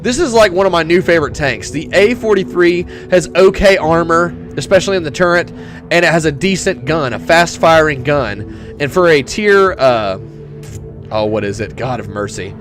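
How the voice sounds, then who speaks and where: Young male gamer, fairly high voice, gruff put-on tanker voice, excitable commentary. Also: moderate pace, soft background music. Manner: excitable, bursts into whoops and laughter. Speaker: gaming YouTuber. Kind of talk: live gameplay commentary.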